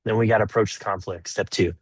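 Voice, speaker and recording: A man's voice: lowish voice, steady tone, fast talker, husky, no echo. A man coaching on marriage in a webinar, talking conversationally and often checking in with "right?". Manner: acts out example dialogues. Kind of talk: webinar teaching.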